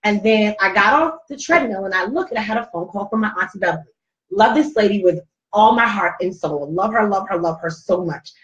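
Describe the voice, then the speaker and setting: A woman's voice: medium pitch, expressive, fairly quick, a bit bright, highs cut off. Middle-aged woman host, heartfelt storytelling, roomy distant sound. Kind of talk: casual chat.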